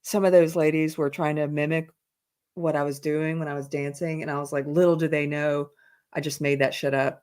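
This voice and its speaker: A chatty woman hosts a live stream, rambling through stories and answering comments from her chat. Her voice sits low for a woman, and she laughs easily as she talks. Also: fairly even intonation, a little fast, darkish tone. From South Carolina, USA. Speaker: livestream host. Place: indoors while traveling. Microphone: headphones in, computer mic.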